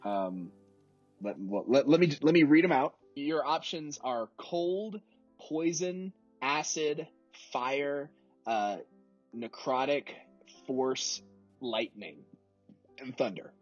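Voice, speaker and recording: A man's voice: mid-range voice, takes it slowly, dry recording, faint music behind. A man narrating as game master of a tabletop role-playing game, talking hesitantly with many fillers. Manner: hesitant, many fillers and restarts, laughs easily. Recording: dull lo-fi mic.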